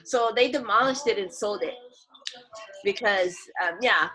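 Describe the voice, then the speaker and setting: A woman's voice: medium pitch, measured pace, poor audio. A woman from Hawaii, a tattoo artist, telling stories in a casual interview, acting out what people said. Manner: animated, acts out quoted voices, laughs often.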